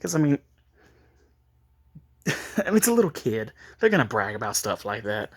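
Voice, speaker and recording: A man's voice: mid-range voice, very animated, normal speed. Rambling man telling a story. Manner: rambling, with frequent restarts and chuckles. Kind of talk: casual improvised story retelling.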